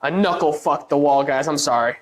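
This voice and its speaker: A woman's voice: sits low, fairly quick. A woman live streamer in casual chat with her audience, rambling with lots of restarts, laughing at herself while she paints a wall. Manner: self-deprecating and laughing easily.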